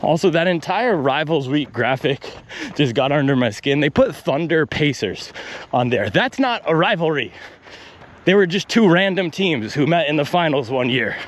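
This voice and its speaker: A man's voice: a little high, expressive, moderate pace, a little hiss or hum. A man vlogging while out on a run, ranting animatedly and working through his pace math aloud. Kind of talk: casual vlog rant while running. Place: outdoors on a run.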